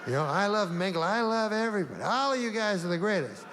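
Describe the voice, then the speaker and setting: A middle-aged man doing a stand-up routine in a deadpan, rambling way, halting and restarting, with an audience laughing. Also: high voice. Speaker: stand-up comedian. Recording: live hall with crowd noise.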